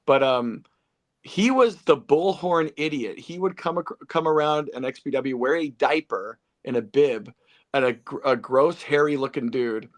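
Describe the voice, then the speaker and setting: A man's voice: medium pitch, a little slow. A man hosting a casual interview, telling stories animatedly and addressing listeners as folks. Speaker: podcast host.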